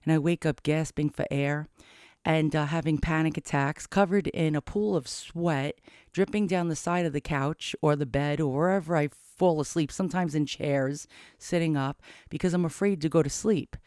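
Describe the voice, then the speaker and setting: A middle-aged man rambling anxiously to camera in a casual confessional vlog, cursing often and cracking dark jokes. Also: a little high, steady tone, moderate pace, clear, resonant tone, no echo, clean studio sound. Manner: rambling, profane, darkly joking. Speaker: vlogger.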